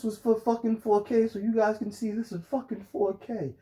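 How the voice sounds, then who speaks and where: A man's voice: sits high, moderate pace, hardly any pauses, breathy edge. A man streaming, giving profane casual commentary full of slang and frequent laughter. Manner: animated, swears constantly, laughs often, slangy. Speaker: streamer reacting to a trial.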